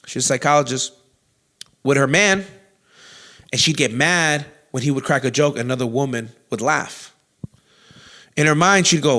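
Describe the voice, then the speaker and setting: A young adult man and comedy show host, telling a story in a loud, animated way with constant swearing and acted-out quotes. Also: mid-range voice, normal speed, long pauses.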